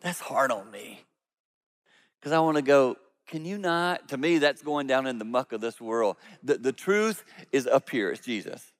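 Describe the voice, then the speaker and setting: Pastor guy preaching, tells it all animated, loud peaks then drops low and quiet, long church echo. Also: normal speed. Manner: animated storytelling, swings between loud emphasis and quiet low asides. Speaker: lead pastor. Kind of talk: sermon.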